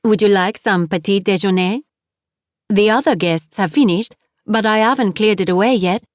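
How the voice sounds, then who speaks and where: A woman's voice: medium pitch, moderate pace, no echo, clean studio sound, voice pushed up, close to an everyday voice. A woman voicing a cheerful, motherly French guest house owner who speaks English with a heavy French accent. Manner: warm, fussing, heavily accented English.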